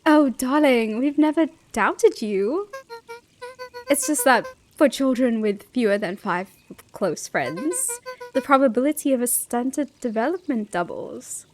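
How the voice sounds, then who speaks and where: A woman's voice: fairly high pitch, animated, a little slow, soft background music. A woman voicing a formal, matter-of-fact parent in a storybook reading. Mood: prim.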